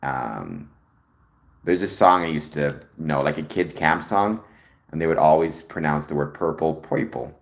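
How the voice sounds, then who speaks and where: A man's voice: a bass voice, lively intonation, a little slow. A man from Canada, hosting a casual livestream, musing aloud and greeting viewers in chat with frequent ums. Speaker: livestream host.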